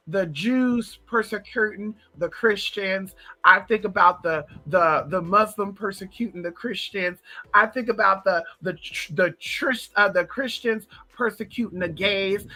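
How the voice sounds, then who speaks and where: A spiritual vlogger with a high, sharp-toned voice tells stories straight to camera in a sassy, profane way, calling his listeners "girl." His voice is a little strained, just coming back.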